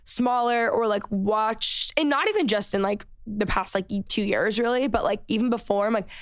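A woman's voice: mid-range voice, normal speed, dry recording. A young woman with a Valley Girl accent hosting a podcast, chatting casually and rambling with lots of "like" and trailing thoughts. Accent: Southern California Valley Girl. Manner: rambling, filler-heavy, with frequent "like". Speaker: podcast host. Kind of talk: casual chat.

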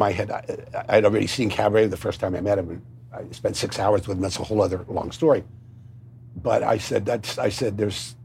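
A man with a Cockney accent telling stories at a roundtable, lively and animated, slipping into impressions. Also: mid-range voice, gravelly, slightly rough. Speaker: guest storyteller. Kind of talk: anecdotal roundtable storytelling.

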